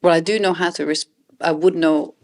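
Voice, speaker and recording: Young woman, low voice, casual podcast chat, thinks out loud, lots of "like" and restarts. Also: fairly even intonation. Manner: reflective, halting, many restarts and "like". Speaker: podcast co-host.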